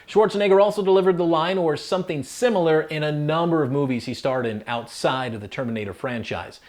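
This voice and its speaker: A man's voice: fairly high pitch, a little fast, a little mellow. A man hosting a casual countdown video, narrating in an upbeat, chatty way with playful asides to the listener. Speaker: host.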